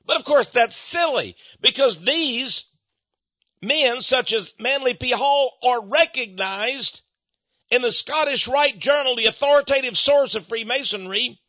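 High, bright-voiced American preacher storytelling. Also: male voice, measured pace, dry recording. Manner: animated, acts out both sides of conversations. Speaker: Christian speaker on Freemasonry. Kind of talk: storytelling sermon talk. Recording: dull muffled lo-fi recording.

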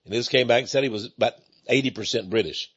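A man's voice: mid-range voice, fast talker, a bit bright, slightly rough, muffled recording. A man from Texas with an East Texan accent, giving a folksy, emphatic preaching monologue.

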